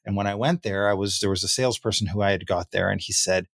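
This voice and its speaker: A man hosting a podcast, telling relaxed anecdotes in casual conversation. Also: lowish voice, fast, creaky, no echo, studio quality. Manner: relaxed, anecdotal, filler-heavy. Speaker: podcast host.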